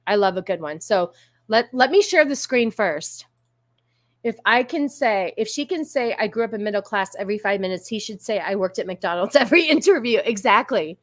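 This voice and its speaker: This livestream host from California talks at a moderate pace with medium pitch and lively intonation. Chatting casually with live viewers, she gets sassy, laughs, and drifts into a valley girl voice.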